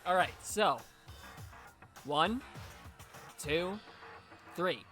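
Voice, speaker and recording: A man's voice: high voice, expressive, drawn-out words, bright, forceful tone, soft background music. A man chatting casually on a livestream during a group game reading, hesitant and full of fillers.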